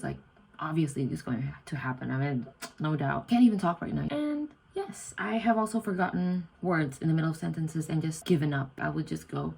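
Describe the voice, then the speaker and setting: A woman's voice: brisk, creaky, darkish tone, husky, rough recording. A young woman from Indonesia, chatting casually to camera in her student room at night. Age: young adult. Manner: chatty, self-deprecating, acts out quoted lines in a higher voice. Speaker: vlogger, exchange student. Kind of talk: casual talking-to-camera vlog.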